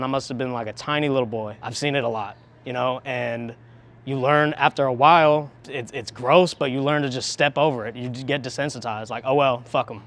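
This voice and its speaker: A man's voice: mid-range voice, a bit bright, slight background noise. A man talking candidly in an interview, frank and profane, reflective, often restarting his sentences. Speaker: interviewee, harm reduction worker.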